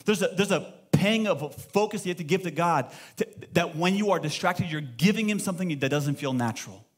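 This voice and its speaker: High-voiced preaching pastor, emphatic. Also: male voice, a little fast, slightly rough. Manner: lively, emphatic preaching with rhetorical questions to the congregation. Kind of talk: sermon. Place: church service before a live congregation.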